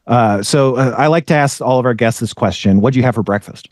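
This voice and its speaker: A man's voice: medium pitch, brisk, a little mellow, no echo, studio quality. A young man hosting a podcast, talking in a rambling, sarcastic way and swearing freely. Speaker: podcast host. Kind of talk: casual podcast chat.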